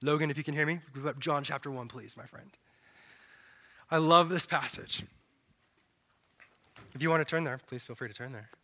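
A man preaching a sermon in an animated, dramatic way, dropping to a low hush and then swelling loud. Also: normal speed, long pauses.

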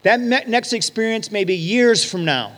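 A pastor with a fairly high voice tells stories from the pulpit and acts out the people in them. His words ring out with long reverb in a large hall or church. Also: moderate pace. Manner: lively storyteller, acts out quoted voices. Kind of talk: sermon storytelling.

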